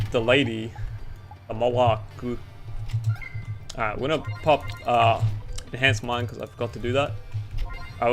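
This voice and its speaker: A man's voice: mid-range voice, sharp tone. A young Australian man giving rambling, goofy and self-deprecating gameplay commentary over faint game music. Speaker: gaming YouTuber.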